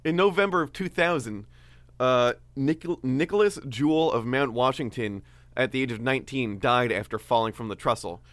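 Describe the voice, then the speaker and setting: A man co-hosting a podcast, telling a story in a relaxed, casual way with many fillers. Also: mid-range voice, moderate pace, no room sound. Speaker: podcast co-host.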